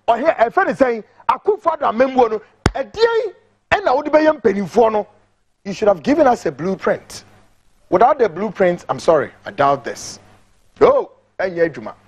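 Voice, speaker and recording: A man's voice: sits high, sing-song, moderate pace, breathy edge. A man with a Ghanaian accent giving impassioned political commentary, emphatic and repetitive, mixing English and Twi.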